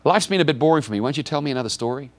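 A man preaching as a pastor, spinning a personal story with a lively, swooping voice. He acts out the dialogue and jumps his pitch up high for the other voices. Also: racing. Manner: animated, acts out dialogue with God in raised voices. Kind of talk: storytelling sermon.

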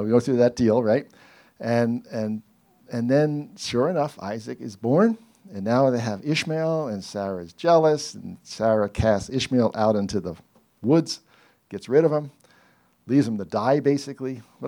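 A man's voice: medium pitch, warm tone. A middle-aged male preacher giving a casual, conversational sermon full of asides and self-corrections.

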